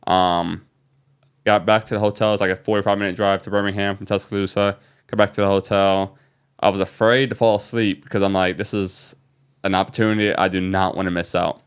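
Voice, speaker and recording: A man from New Orleans, a young adult, guest on a podcast, telling an excited story with many fillers. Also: deep voice, a little fast, clean tone. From New Orleans, USA. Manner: animated, excited retelling with fillers. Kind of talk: casual storytelling.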